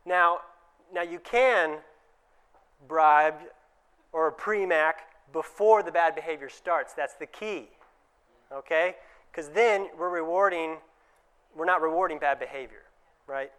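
With a smooth, resonant, somewhat high male voice, this dentist talks casually to an audience of his peers. He livens the presentation by mimicking parents and patients in short acted-out dialogues.

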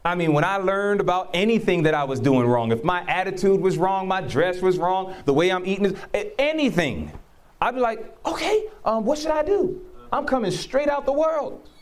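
A man's voice: high-pitched, normal speed. A man preaching and telling stories from his own life, acting out what people said and laughing often. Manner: animated storyteller who acts out quotes. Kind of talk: testimony in conversation.

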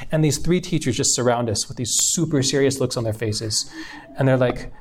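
A man telling his life story in a casual, heartfelt way. His voice sits at a middle pitch, and he rambles a little, circling back with fillers and restarts as he goes. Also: moderate pace. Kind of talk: personal testimony storytelling.

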